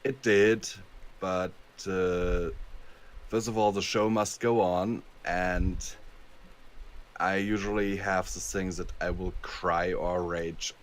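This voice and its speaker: A man with a very deep, low voice answers questions on a casual voice call. He talks unhurriedly and explains things patiently. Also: fairly even intonation, slow. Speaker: voice actor guest. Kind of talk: casual interview over voice chat. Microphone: computer mic on a voice call.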